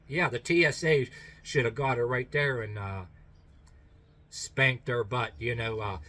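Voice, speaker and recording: Bright-voiced man on a profane rant. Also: mid-range voice. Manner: indignant, profane, rambling with restarts. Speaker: YouTuber. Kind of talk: ranting commentary vlog.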